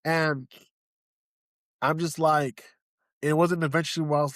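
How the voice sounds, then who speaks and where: A man's voice: fairly high pitch, level tone, measured pace, pauses often, a bit bright, no room sound, studio quality. A young man from Haiti, a podcast guest, giving an earnest, emotional personal testimony and repeating phrases for emphasis. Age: young adult.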